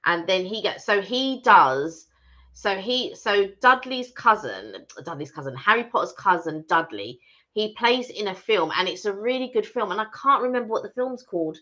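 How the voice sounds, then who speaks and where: A woman's voice: mid-range voice, expressive, moderate pace, pushed and bright. A woman co-hosting a live stream, chatting casually and rambling with lots of restarts and fillers. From Britain. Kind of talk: casual chat. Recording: dull lo-fi live stream audio.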